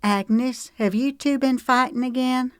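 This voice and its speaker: A woman's voice: high-pitched, steady tone, measured pace, smooth, no room sound, clean studio sound, voice pushed up. A woman reading an audiobook voices a young Southern lady speaking to a child in a firm, motherly way. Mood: stern. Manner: stern then soft, motherly.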